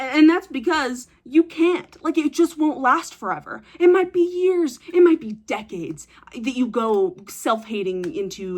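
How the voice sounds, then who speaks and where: A young woman vlogging casual advice to camera, blunt and teasing, swearing freely and retelling stories with dramatic flair. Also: fairly high pitch.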